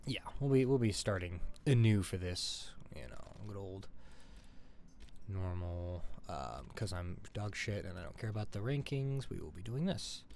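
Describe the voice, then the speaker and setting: A man's voice: sits low, animated, unhurried, gravelly, a little mellow, slight background noise. A man giving casual gameplay commentary in a rambling, self-deprecating, joking way. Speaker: gamer.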